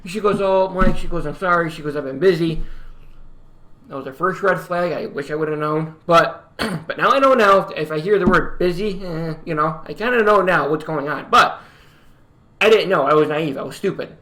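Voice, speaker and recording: A young man from upstate New York telling a personal story in a casual vlog, rambling and halting with many fillers and restarts. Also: on the high side, pushed and bright. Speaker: YouTuber.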